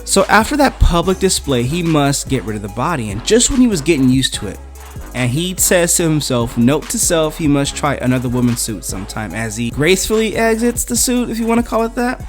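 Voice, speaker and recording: Animated man recapping a comic. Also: fairly high pitch, a little fast, soft background music. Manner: animated, chatty retelling. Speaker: comic book reviewer.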